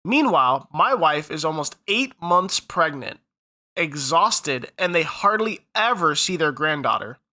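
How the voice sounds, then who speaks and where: Man, podcast co-host, higher voice, bright tone, reads a story aloud, casual banter. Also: big pitch swings, a little slow. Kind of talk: reading a story aloud then chatting.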